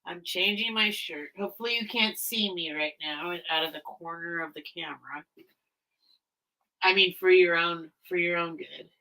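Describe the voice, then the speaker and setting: A woman with a lowish voice speaks at a moderate pace in a sharp tone, and the recording quality is low. She's hosting a live vintage sale stream and chats casually and emotionally with her viewers while in tears. She rambles, talks straight to her audience, and sounds teary.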